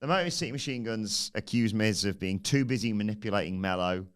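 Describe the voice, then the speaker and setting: Low-voiced man recapping wrestling. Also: brisk, clear, resonant tone. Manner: rambling, jokey recap with self-deprecating asides. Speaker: wrestling podcast host. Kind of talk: casual recap and banter.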